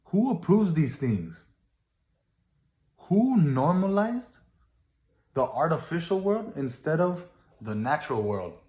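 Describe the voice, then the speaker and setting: Man vlogger, preachy and earnest, mid-pitched, roomy dull lo-fi recording. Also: sing-song, normal speed. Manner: preachy, earnest, repetitive, rising to emphatic. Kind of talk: casual monologue.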